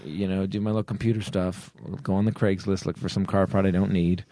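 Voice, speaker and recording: A man hosting a comedy podcast, rambling and joking, quick to laugh. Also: deep voice, little pitch movement, warm tone, dry recording. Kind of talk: casual comedic chat.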